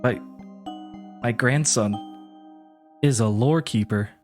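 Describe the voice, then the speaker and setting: A man's voice: mid-range voice, slow pace, a little mellow, faint music behind, close to an everyday voice. A man voicing a frantic, spry elderly grandfather who is out of breath, in a tabletop game. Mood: urgent.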